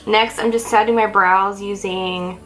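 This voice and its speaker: A woman's voice: medium pitch, fairly even intonation, unhurried, fairly bright tone, poor audio. A young woman chatting casually through her makeup routine in a vlog, self-mocking and a little out of breath. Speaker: beauty vlogger. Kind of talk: casual get-ready-with-me makeup chat. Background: faint background music.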